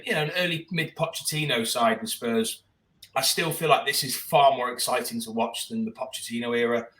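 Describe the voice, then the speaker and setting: A man's voice: mid-range voice, sharp tone, echoey room, distant mic, low-quality recording. A man co-hosting a podcast, chatting about football in a rambling, enthusiastic way with many restarts. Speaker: podcast co-host. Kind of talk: casual football chat.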